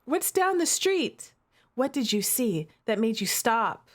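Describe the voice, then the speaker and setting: A woman's voice: fairly high pitch, sing-song, takes it slowly. A woman streamer reading a romance game's text aloud and reacting with dramatic, playful overreactions. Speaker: gaming streamer.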